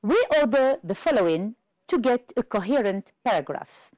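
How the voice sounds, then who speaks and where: A woman from Algeria teaching an English exam-prep lesson on television, explaining carefully and slowly. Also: medium pitch, animated, a little mellow, dry recording, poor audio. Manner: slow, careful classroom explanation.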